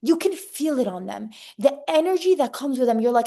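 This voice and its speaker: A young woman with a fairly high voice teaches a casual religious class. She is emphatic and animated, and she keeps looping back with "okay?" and repeated phrases. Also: brisk. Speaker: Torah teacher giving a class to women.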